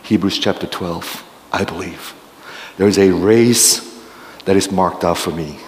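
A man's voice: sits low, unhurried, a little mellow. A man preaching a sermon as pastor, emphatic and firing questions at the congregation. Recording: long hall reverb.

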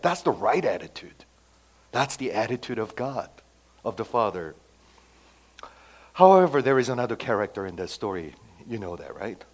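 Male pastor, sermon, dramatic dynamic swings, conversational. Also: medium pitch. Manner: emphatic, swings from loud to hushed.

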